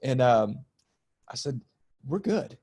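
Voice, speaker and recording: A man's voice: medium pitch, animated, slow, mellow, husky. Middle-aged guy, guest on a podcast, telling a heartfelt story, cracks little jokes. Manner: earnest and emotional, breaks tension with jokes. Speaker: guest, spiritual teacher and healer. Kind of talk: personal storytelling in a podcast interview.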